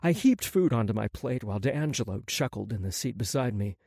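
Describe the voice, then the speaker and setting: A man reading a first-person novel as an audiobook narrator, with an expressive, intimate delivery. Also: medium pitch, brisk, gravelly, no echo, clean studio sound.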